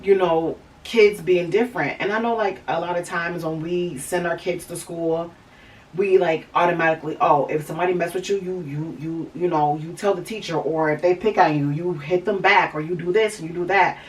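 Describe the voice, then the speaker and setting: A woman's voice: lowish voice, fairly even intonation, moderate pace, distant mic, rough recording. A woman hosting a podcast, telling a candid personal story in a rambling way, with lots of fillers and restarts. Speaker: podcast host.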